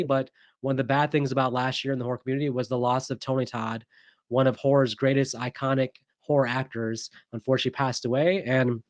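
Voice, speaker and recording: A man of middle pitch hosts a casual horror movie vlog, voicing his picks with strong opinions. He talks in a chatty, rambling way, full of ums and restarts. The sound is dry and close, with little room echo.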